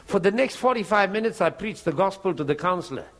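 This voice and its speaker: High-voiced preacher telling a testimony. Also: male voice, quick pace. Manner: animated storytelling, chuckling often. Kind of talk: testimony in a sermon.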